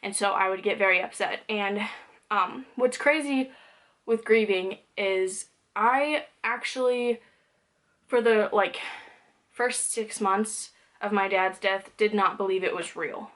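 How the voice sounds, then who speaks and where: A woman's voice: mid-range voice, slow pace, fairly bright tone. A young woman talking candidly to camera in a personal vlog, conversational and loose, with plenty of "like" and "um". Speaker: vlogger.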